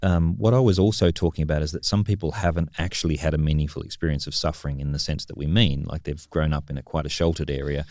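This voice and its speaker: A man's voice: a bass voice, fairly even intonation, quick pace, hardly any pauses, a little mellow, dry recording, clean studio sound. A man co-hosting a podcast, talking in a reflective, thoughtful way with frequent restarts. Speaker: podcast co-host. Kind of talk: casual discussion.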